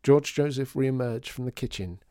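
A man narrating a story in an expressive, wry way. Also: medium pitch, moderate pace, dry recording, studio quality.

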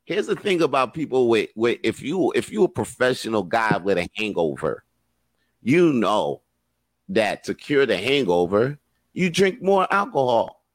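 A man's voice: mid-range voice, very animated, a little slow, dry recording. A man hosting a casual live podcast, talking in a slangy, profane, hyped-up motivational way. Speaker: podcast host.

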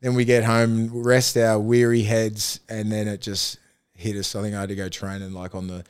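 A man's voice: fairly low pitch, level tone, normal speed, smooth. A man with an Australian accent, a former rugby league player, telling rambling, profane anecdotes with frequent laughter in a casual podcast chat.

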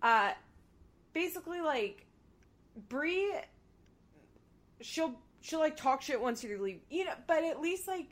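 A woman co-hosting a casual podcast, recapping reality TV with animated, swear-filled chat and acted-out quotes. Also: high-pitched, slow, pauses often. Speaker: podcast co-host.

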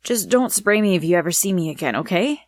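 A woman's voice: fairly low pitch, lively intonation, fast, no echo, natural voice. A woman narrator voicing a kind man who is hurt yet forgiving. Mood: pained. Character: kind startled male shopper.

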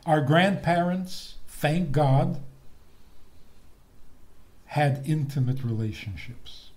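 Slow, lively man giving a humorous lecture. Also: fairly high pitch. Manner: playful, chuckles at his own jokes. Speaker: lecturer on marriage.

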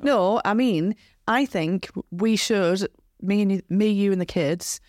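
A woman's voice: mid-range voice, slow pace, no echo, studio quality. Giggly, chatty British woman co-hosting. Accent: British English. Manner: giggly, chatty, animated storytelling. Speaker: podcast co-host. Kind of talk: casual chat.

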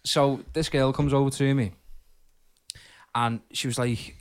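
A man's voice: mid-range voice, steady tone, unhurried, clean tone. A man co-hosting a casual podcast, laughing often while he tells drunken pub stories. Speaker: podcast co-host. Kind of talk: casual banter with friends.

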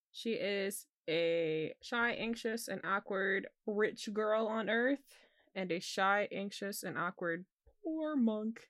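A woman's voice: medium pitch, pushed and bright, no echo, studio quality. A woman playing in a tabletop game podcast, introducing her character with playful self-mockery. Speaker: player. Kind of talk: casual podcast banter.

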